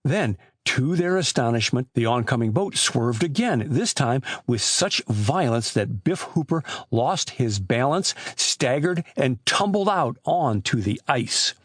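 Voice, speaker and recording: Lively male audiobook narrator. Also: mid-range voice, a little slow, hardly any pauses, no echo, clean studio sound. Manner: animated reading with lively shifts for characters. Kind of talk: scripted narration.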